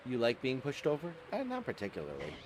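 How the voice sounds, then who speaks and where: A man's voice: mid-range voice, huge pitch swings, quick pace, noisy background. A man hosting a casual livestream, chatting with viewers, laughing often and stumbling over his words. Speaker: streamer.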